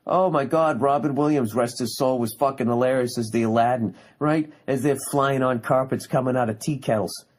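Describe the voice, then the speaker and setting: A man's voice: medium pitch, normal speed, hardly any pauses. A man hosting a podcast alone, ranting sarcastically and profanely, with occasional mocking impressions. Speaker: podcast host. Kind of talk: solo ranting monologue. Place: on vacation away from home.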